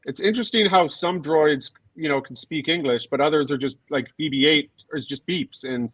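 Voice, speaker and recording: A man with a somewhat high voice co-hosting a fan podcast. He thinks aloud, pausing with fillers and letting his sentences trail off. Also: a bit bright, husky, no echo. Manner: thoughtful, many ums and trailing sentences. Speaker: podcast co-host. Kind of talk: casual fan podcast chat.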